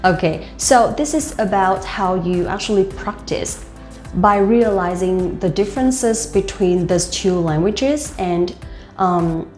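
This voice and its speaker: Mellow-voiced woman coaching English. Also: mid-range voice, slow pace, reverberant, faint music behind. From Vietnam. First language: Vietnamese. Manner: chatty, example-driven. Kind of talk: casual teaching talk.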